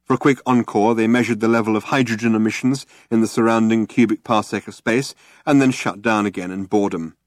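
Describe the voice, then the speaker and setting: A man narrating an audiobook with a measured, deadpan delivery. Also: fairly low pitch, no room sound, studio quality.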